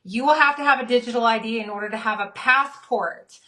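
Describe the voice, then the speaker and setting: A woman speaks with a bright, forceful voice pitched a little high. She is openly fired up and angry. She hammers each point home in emphatic repeated lists, now and then reading a quote aloud. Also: fairly quick, low-quality recording. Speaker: speaker on a Christian talk show. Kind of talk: impassioned commentary.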